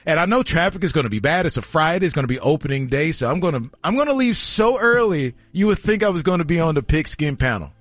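A man's voice: a little high, fast, hardly any pauses, no echo. A man, bantering on a radio show, laughing and joking about himself. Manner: laughing, self-deprecating, animated. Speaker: radio co-host. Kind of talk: casual morning show banter.

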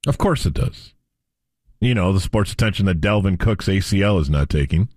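A man's voice: low voice, lively intonation, normal speed, a little mellow, no room sound, studio quality. A man co-hosting a live sports talk radio show, wisecracking and emphatic. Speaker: radio co-host.

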